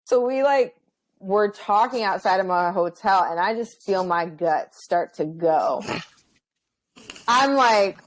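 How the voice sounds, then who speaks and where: A young woman, a podcast guest, telling a funny personal story in casual chat, swearing freely and getting animated. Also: medium pitch, unhurried, rough recording.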